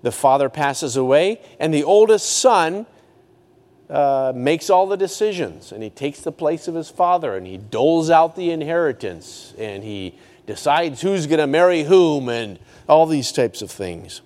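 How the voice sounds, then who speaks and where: Male pastor, sermon delivery, dynamic swings between hushed and emphatic, somewhat high voice, long hall reverb. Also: expressive, unhurried. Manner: dynamic preaching, rising to high emphatic peaks and dropping to hushed low lines.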